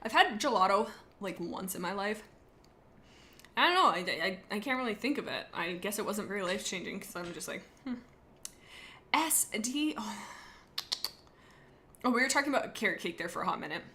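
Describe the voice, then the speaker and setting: A woman with a bright, sharp voice talks in a loose, joking way, rambling from one thought to the next. She chats casually with her stream audience as the host. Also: mid-range voice, animated, a little fast, pauses often. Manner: rambling and jokey, chatting to viewers. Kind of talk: casual live-stream chat.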